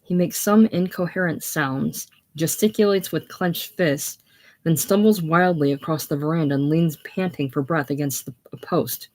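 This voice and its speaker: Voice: mid-range voice, moderate pace. A reader casually reading a play aloud, voicing the stage directions in a plain way.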